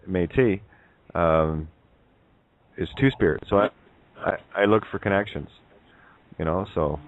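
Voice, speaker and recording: A man hosting an online group call, talking casually and haltingly with many fillers and restarts. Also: deep voice. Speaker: host of an online call-in forum. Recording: tinny phone-like call audio.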